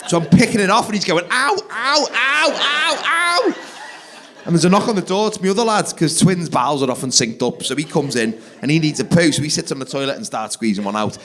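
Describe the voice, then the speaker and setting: Brief: male stand-up, thirties, fairly high voice, animated live storytelling on a theatre stage. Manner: animated, acts out kids and wife in quick voices. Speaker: stand-up comedian.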